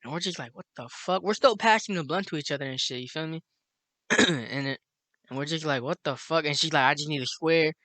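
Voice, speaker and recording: A man's voice: on the high side, a little fast, bright, forceful tone, no room sound. Profane young man telling a story. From Chicago. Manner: profane, rambling, laughs at own story. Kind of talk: casual storytime monologue.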